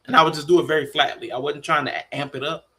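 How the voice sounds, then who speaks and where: A man co-hosting a podcast in casual chat, telling a family story in an animated way. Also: on the high side, fast. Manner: animated storytelling, slipping into mock voices. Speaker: podcast co-host.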